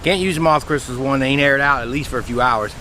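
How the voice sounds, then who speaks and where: A man, a beekeeper telling a rambling, folksy story outdoors in his bee yard, his voice a little squeaky from the dry air. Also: quick pace, bright, forceful tone, slight background noise. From Louisiana, USA. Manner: chatty, folksy, rambling with restarts. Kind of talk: casual vlog storytelling.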